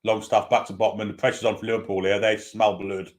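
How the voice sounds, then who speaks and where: A man's voice: fairly low pitch, little pitch movement, quick pace. A man giving partisan live play-by-play commentary on a football match as a fan, with running asides.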